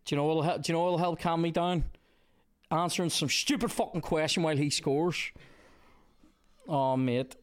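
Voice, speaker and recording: A Northern Irish man hosting a podcast, chatting casually and swearing in excited bursts while playing a football video game. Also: a little high, moderate pace, pauses often. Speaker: podcast host. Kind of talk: casual gaming chat and commentary. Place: indoors with a small audience.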